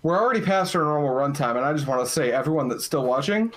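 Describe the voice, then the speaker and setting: A man's voice: fairly high pitch, animated, fast. A man co-hosting a live podcast, drunk, crude and rambling. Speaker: podcast co-host. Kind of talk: casual live podcast talk.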